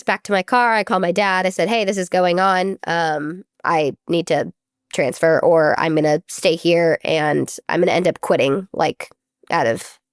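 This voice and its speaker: Young woman guest, lowish voice, dry close sound, chatty with lots of fillers. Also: no echo. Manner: chatty, many "like" fillers, acts out quoted speech. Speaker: former college gymnast, guest. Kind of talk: casual storytelling interview.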